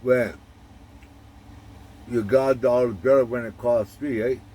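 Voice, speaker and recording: A man's voice: mid-range voice, fairly even intonation, a little slow, warm tone. A man in his sixties, originally from Chicago, bluntly recounting events and acting out his own quoted lines. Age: 60s. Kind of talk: casual storytelling.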